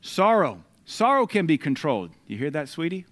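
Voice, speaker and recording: A man, preaching a sermon and swinging between loud declarations and quiet asides. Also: a little high, very animated, normal speed. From United States.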